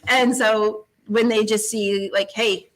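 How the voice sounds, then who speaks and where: A woman's voice: medium pitch, normal speed, sharp tone, rough recording. A woman guest who teaches science, chatting in an interview with an upbeat, storytelling manner and frequent laughs. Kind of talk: casual interview chat.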